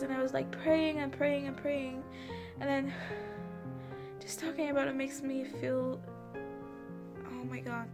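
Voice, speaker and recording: A young woman telling a painful personal story as a vlogger, halting and anxious, with many fillers and restarts, close to tears. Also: sits high, level tone, over loud music. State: upset, on the verge of tears. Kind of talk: emotional storytime monologue.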